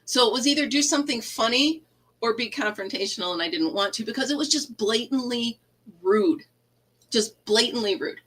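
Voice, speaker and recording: A woman's voice: a little high, animated, normal speed, a bit bright, rough recording. A middle-aged woman hosting a casual live chat, telling a funny story and laughing often. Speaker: livestream host.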